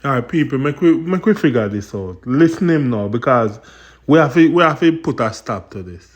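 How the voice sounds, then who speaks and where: A Jamaican man with a middle-pitched, ordinary voice speaks to his viewers in patois. He explains and condemns what the clips show in an indignant, conversational tone. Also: animated, moderate pace, lo-fi sound. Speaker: commentary host. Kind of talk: commentary on clips.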